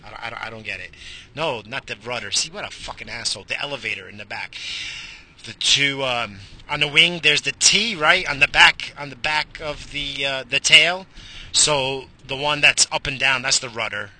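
A man's voice: medium pitch, normal speed, pushed and bright. A middle-aged man hosting an internet radio show, rambling alone in a goofy, profane, self-mocking way. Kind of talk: rambling solo monologue.

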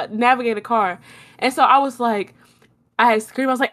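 A young woman, telling a long story in casual chat and acting out her own shouts. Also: sits high, brisk.

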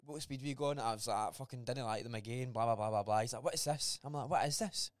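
Rapid Scottish young man. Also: mid-range voice, no echo, studio quality. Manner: animated, sweary, repeats words. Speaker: podcast co-host. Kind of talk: casual chat.

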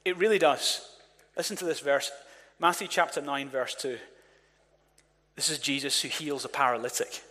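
Energetic male pastor in reverberant hall. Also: mid-range voice, moderate pace. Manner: energetic, calls on the congregation to respond. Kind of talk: sermon. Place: church hall.

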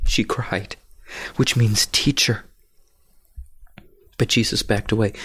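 A male preacher retelling a scripture story in a sermon, hushed and often dropping to a whisper for drama. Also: fairly low pitch, fairly even intonation, slow pace, long pauses, slightly rough, dry recording.

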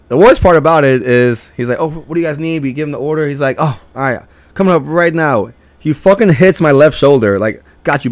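Profane young man telling stories. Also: medium pitch. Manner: profane, acts out friends' lines in a raised voice. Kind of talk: casual storytelling.

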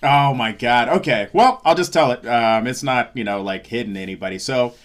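Speaking briskly at a medium pitch, this Seattle-born comedian shares a story during a relaxed conversation. He brings it to life animatedly, voicing each character's lines himself.

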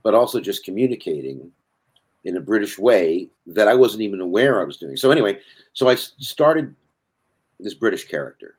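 A man's voice: on the low side, big pitch swings, a little fast, breathy edge. An older man telling rambling stories as a podcast guest, interrupting himself as he goes. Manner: rambling, self-interrupting storyteller. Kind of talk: casual storytelling.

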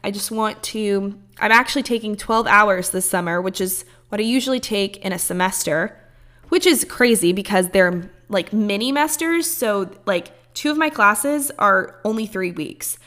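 A woman's voice: mid-range voice, normal speed, a bit bright. A woman in her early twenties hosting a podcast in a casual, rambling way, swearing freely as she talks. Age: early 20s. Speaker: podcast host.

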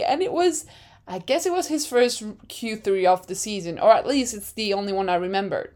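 Excitable young woman with a lively voice. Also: mid-range voice, normal speed, long pauses. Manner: excitable, swears, acts out her own reactions. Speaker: podcast co-host. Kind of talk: casual chat.

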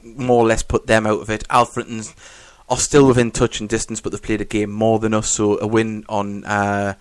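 A man's voice: on the low side, completely flat delivery, normal speed, clean tone, no echo. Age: adult. Sex: man. Role: chatty podcast host. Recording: dry. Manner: rambling, chatty, reads out listener messages. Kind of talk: casual fan podcast chat.

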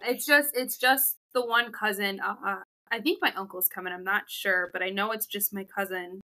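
A woman co-hosting a podcast in casual chat, speaking quietly and haltingly, often trailing off. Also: medium pitch, fairly even intonation. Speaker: podcast co-host.

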